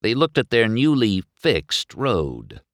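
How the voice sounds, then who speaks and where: Low, slow, expressive male storyteller. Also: no echo, studio quality. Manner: expressive, unhurried. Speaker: narrator. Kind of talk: storybook read-aloud.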